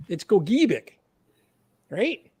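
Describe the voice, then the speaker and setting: A Canadian man hosting a livestream, his voice sitting a little high and swinging widely as he jokes and tallies points. He sounds playful and quick to laugh. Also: very animated, slightly rough. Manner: playful, laughing, keeps score out loud. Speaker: podcast host. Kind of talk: casual livestream chat.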